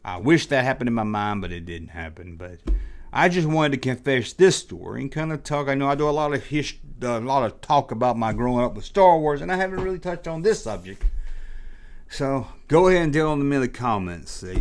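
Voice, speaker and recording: A middle-aged man rambles through a childhood confession in a casual monologue, poking fun at himself as he goes. His voice sits at an ordinary middle pitch. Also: lively intonation, a little fast. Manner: rambling, self-mocking confessional tone. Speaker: toy collecting vlogger.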